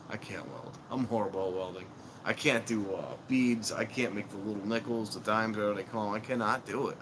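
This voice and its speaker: A man's voice: on the low side, noisy background. A middle-aged man chatting casually on a live stream, telling rambling, self-mocking stories outdoors.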